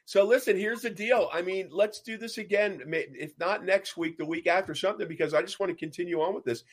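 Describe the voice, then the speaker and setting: A man's voice: sits high, fairly quick, husky. A man hosting a casual interview, chatty, jumping in with questions and asides. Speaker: host.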